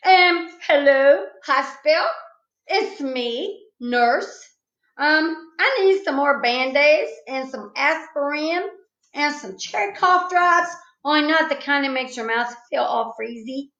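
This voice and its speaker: A loud, bossy little kindergarten girl, as a woman reading aloud puts her on, whining and shouting in a high, squeaky voice. The sound is slightly dull and echoes in the room. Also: lively intonation, slow pace, full character voice. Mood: bossy pretend. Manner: loud, whiny and indignant.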